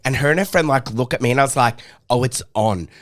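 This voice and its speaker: A man's voice: medium pitch, fast talker. A man co-hosting a podcast, telling a story in casual chat with lots of swearing and emphasis. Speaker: podcast co-host.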